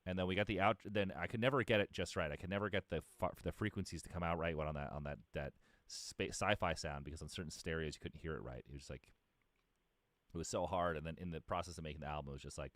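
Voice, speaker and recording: A man with a very low voice talks fast in a rambling, restart-heavy way, full of fillers. He is a musician guest in a casual interview chat. The sound is dry and close. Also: fairly bright tone, dry recording.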